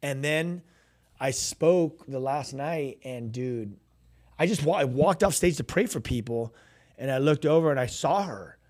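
A man co-hosting a radio show, telling a personal ministry story in casual chat, animated and full of restarts, acting out quoted voices. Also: mid-range voice, a little slow.

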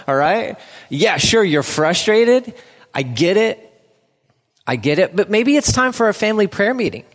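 A man preaching a sermon in a casual, conversational way, acting out the people in the story with animated voices. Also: on the high side, big-room sound. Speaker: pastor.

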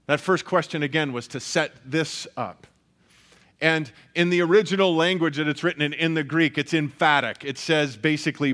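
A man's voice: a little high, normal speed, fairly bright tone. A man preaching a sermon, earnest and emphatic, often repeating phrases for weight. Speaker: pastor.

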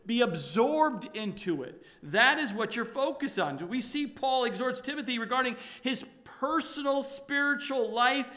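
A male pastor preaching a sermon to his congregation, emphatic and rising to loud exhortation. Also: very high voice, lively intonation, a little slow, few pauses.

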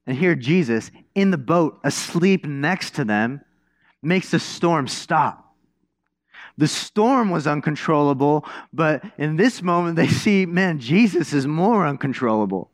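A man preaching a sermon in a casual, conversational way, asking the congregation questions and dropping to a hushed voice for quiet moments. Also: a little high, animated, unhurried, no echo, studio quality. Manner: conversational, asks the congregation questions, many restarts. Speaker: pastor. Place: church.

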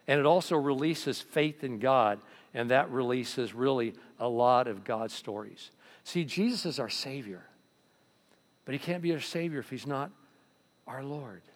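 A man's voice: mid-range voice, normal speed. A male pastor preaching a sermon, telling stories and acting out the voices in them. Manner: storytelling, animated, acts out voices.

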